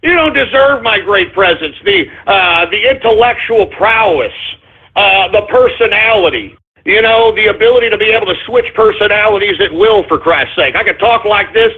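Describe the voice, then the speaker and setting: A man's voice: high voice, lively intonation, moderate pace, breathy edge. A man hosting an internet radio show, ranting at his listeners in an exasperated, berating way. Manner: exasperated, berating, swears often. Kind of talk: ranting call-in radio monologue. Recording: tinny phone-line sound.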